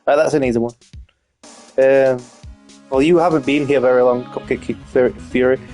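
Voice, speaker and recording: A man's voice: medium pitch, fairly even intonation, moderate pace, a little mellow, soft background music. Young man rambling over a game. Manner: rambling, swears freely, many fillers. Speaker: streamer. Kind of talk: casual gaming commentary.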